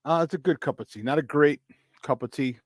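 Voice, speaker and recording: A male sports radio host with a slightly higher voice, talking fast and energetically and laughing often. He hypes up the show and tells stories from his own playing days. The sound is dry and close, with no room behind it. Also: no echo. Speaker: former football player. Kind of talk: casual sports talk monologue.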